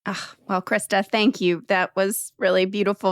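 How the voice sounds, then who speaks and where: A woman's voice: mid-range voice, flat delivery, moderate pace, few pauses, music in the background. A woman hosting a city podcast, interviewing a guest and signing off the show with upbeat energy. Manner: upbeat, encouraging reactions. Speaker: podcast host.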